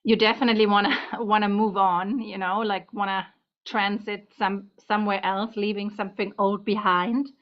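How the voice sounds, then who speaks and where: A woman's voice: mid-range voice, flat delivery, normal speed. Woman, tarot reader, chatty, meandering, slightly breathless, dull lo-fi sound. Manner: chatty, meandering, talks to her cat between points. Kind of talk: casual tarot reading to camera. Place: home room.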